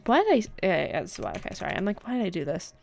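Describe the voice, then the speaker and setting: A woman's voice: mid-range voice, big pitch swings, very fast, gravelly, soft background music. A woman hosting a casual let's-play, rambling and swearing in frustration as she plays. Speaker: gaming channel host.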